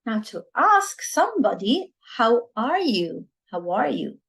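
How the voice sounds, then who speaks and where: A woman from Lebanon teaching a language lesson, slowly repeating each word so learners can copy it. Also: a little high, very animated, vocal fry, fairly bright tone, husky, rough recording. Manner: slow, deliberate, repeats words for learners to copy.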